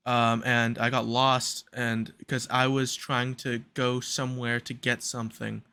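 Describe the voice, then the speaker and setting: A young man co-hosting a casual podcast, chatting and joking with quick asides. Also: mid-range voice, little pitch movement, bright, forceful tone, clean tone. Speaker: podcast co-host. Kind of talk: casual chat.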